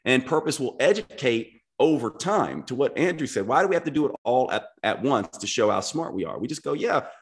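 A man talks on a podcast in a reflective, earnest way, breaking his thoughts into clear steps. His pitch moves freely up and down as he explains. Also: expressive, a little fast, hardly any pauses. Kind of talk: casual podcast conversation.

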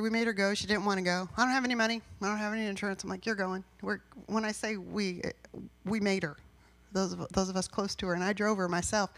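A woman pastor giving a sermon in a personal, conversational way, rising into emphatic bursts. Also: mid-range voice.

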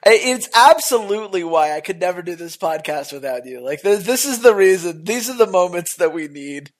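Podcast cohost arguing betting lines, voice jumps all over, pretty animated. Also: mid-range voice, a little fast. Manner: animated, argumentative. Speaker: podcast co-host. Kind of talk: casual esports betting chat.

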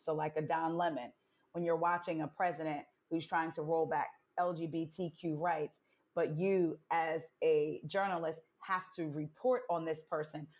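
A woman guest on a podcast speaks in a slightly low voice. She talks earnestly and thoughtfully, often pausing with hesitant fillers. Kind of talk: casual podcast chat.

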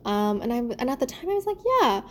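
A woman's voice: on the high side, big pitch swings, quick pace, darkish tone, slight background noise. A young woman who works in theater, talking in a casual, rambling monologue full of fillers and restarts. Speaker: theater performer.

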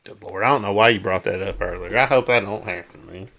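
A man from South Arkansas with a Southern accent, co-hosting a casual sports chat and ranting in an animated, exclamatory way. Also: fairly low pitch, fast talker, gravelly, a little hiss or hum. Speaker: sports podcast co-host.

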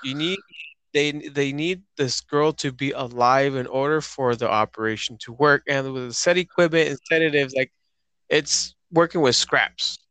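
A man's voice: medium pitch, normal speed, a bit bright, clean tone, dry recording. A man who is a guest on a casual movie review chat, talking loosely and swearing. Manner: loose, swearing, with restarts and fillers. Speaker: podcast guest.

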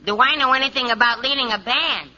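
A man doing 1940s radio comedy with a high, whiny comic voice. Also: quick pace, pushed and bright. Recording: dull lo-fi old radio recording.

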